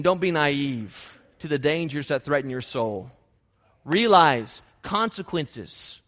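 A male preacher with a high voice delivers an emphatic sermon, driving his points home through repetition. His words ring out in a church sanctuary with a long, lingering reverb. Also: fairly bright tone. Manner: emphatic, repeats key phrases. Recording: long reverb of a large hall.

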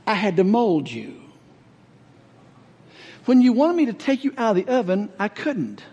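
A man playing a calm patient potter. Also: sits high, breathy edge, voice pushed down, exaggerated voice. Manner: slow, calm, reassuring. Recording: echoey hall reverb.

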